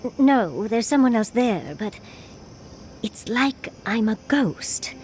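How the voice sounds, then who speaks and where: A teasing furred companion. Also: female voice, on the high side, expressive, takes it slowly, darkish tone, slight background noise. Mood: wistful. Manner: teasing, calls the listener darling and dear. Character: furred female adventurer companion, wry and teasing. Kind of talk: video game character dialogue.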